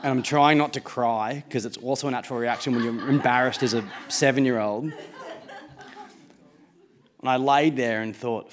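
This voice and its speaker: A man's voice: mid-range voice, fairly even intonation, normal speed, long pauses. A man in his late twenties with an Australian accent, telling a true story live on stage in a casual, self-mocking way, with swearing and laughs.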